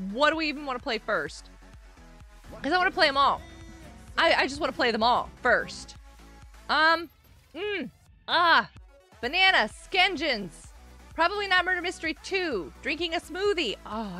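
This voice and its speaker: A bright, high-voiced young woman chats to her stream viewers in a bubbly, giggly way. Her pitch swings up and down a lot as she talks. Faint music plays underneath. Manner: bubbly, chatty, laughs often, talks to chat. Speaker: livestream host. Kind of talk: casual gaming livestream chat.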